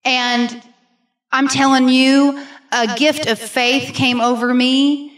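A woman's voice: high-pitched, flat delivery, takes it slowly. Earnest middle-aged woman testifying. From Missouri, USA. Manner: earnest, emphatic storytelling. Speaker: guest speaker. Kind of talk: personal testimony sermon. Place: church sanctuary. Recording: voice picked up from a distance.

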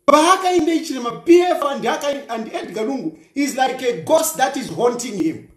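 A man reacts to a news clip in mocking commentary. His voice sits high and leaps around as he hammers the same rhetorical questions. The room around him rings with echo. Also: expressive, moderate pace, fairly bright tone. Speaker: political commentator.

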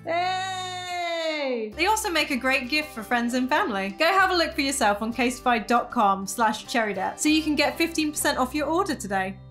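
A bubbly woman YouTuber reacting to videos, chatting in an excited, exclamatory way. Her voice sits high and leaps around with lively swings of pitch, over a faint bed of music. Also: quick pace, few pauses.

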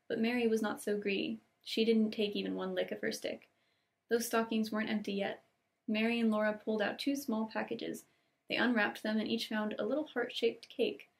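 A young woman reading classic novel passages aloud in an unhurried, gentle storybook way, with casual chatty asides between scenes. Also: medium pitch, gravelly. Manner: gentle, unhurried reading, lingering on cozy details. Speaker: book channel host reading aloud.

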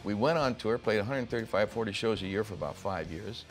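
A man's voice: lowish voice, lively intonation, quick pace, over loud music. An older man, a rock musician, telling stories in a casual interview, laughing often and acting out the voices of people he quotes.

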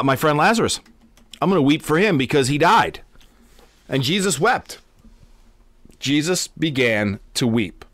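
Male pastor, mid pitch, dry close recording, earnest conversational teaching with fillers. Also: dry recording. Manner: earnest, conversational, with frequent fillers and repeated words. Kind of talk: Bible study teaching.

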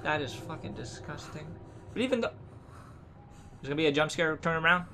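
A man commentating a horror game as he plays, jumpy and swearing, shouting when scared. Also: a little high, expressive, brisk, gravelly, slight background noise. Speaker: gaming video creator.

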